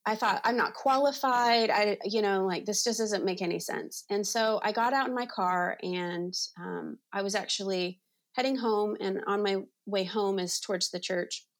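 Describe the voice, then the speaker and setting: A woman's voice: mid-range voice, steady tone, normal speed. A woman in her forties, an interview guest and ministry leader, telling a personal faith story in a chatty, earnest way with many "you know"s. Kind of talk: personal testimony in conversation.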